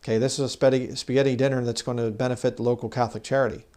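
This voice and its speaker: A man giving an informal bible teaching, talking conversationally and growing louder when he reads scripture. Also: medium pitch, little pitch movement, racing. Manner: conversational, rises loud when reading scripture; mocks legalists in put-on voices. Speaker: preacher.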